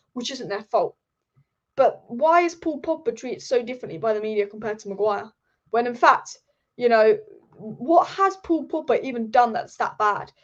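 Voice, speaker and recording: A high-pitched woman rants about football on her own livestream, heated and punchy, hammering each point home with repetition and the odd swear. Her voice comes through a home mic with slightly dull, lo-fi stream audio. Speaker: football channel host. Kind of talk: livestream rant.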